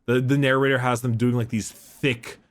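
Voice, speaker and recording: A man's voice: mid-range voice, flat delivery, moderate pace. Man rambling casually on a podcast. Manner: rambling, laughs often, fumbles names. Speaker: podcast co-host. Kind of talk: casual chat.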